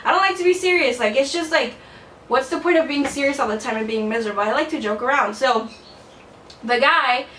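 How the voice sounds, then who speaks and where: A high-voiced young woman chats to camera about her dating life, blunt and casual, with a lot of "like" and plenty of swearing. She sounds a little far from the mic in an echoey room with faint room noise. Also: a little fast, a bit bright. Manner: chatty, blunt, swears freely, lots of "like". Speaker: vlogger.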